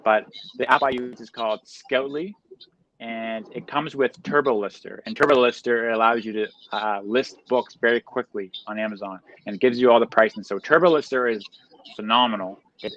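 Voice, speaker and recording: A man from Canada, with a voice of ordinary pitch, speaks as a guest in a casual live-stream chat. He talks in a loose, slangy, energetic way with many fillers, over dull lo-fi call audio with faint noise behind him. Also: normal speed. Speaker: guest, reseller.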